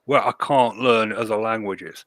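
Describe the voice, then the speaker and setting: Man podcast co-host, easygoing rambling chat, low forceful voice. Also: a little slow, no room sound. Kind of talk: casual chat.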